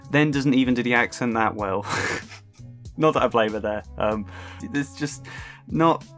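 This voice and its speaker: A man from Suffolk with a faint English accent and only slight local traces, narrating a personal film video essay in a chatty, self-aware way with soft laughs and ums. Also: medium pitch. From Suffolk, England. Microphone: close home microphone.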